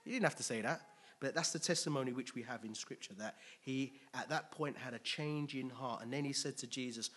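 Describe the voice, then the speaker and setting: A man preaching a conversational, animated sermon, laughing often and restarting his sentences. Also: medium pitch, brisk, husky. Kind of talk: expository sermon.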